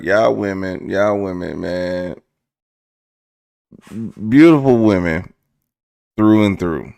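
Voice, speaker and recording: A man's voice: lowish voice, takes it slowly, gravelly, long pauses, smooth, no room sound. A young man hosting a casual storytime vlog, talking loosely and jokingly, now and then mimicking other people's voices. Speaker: vlog host.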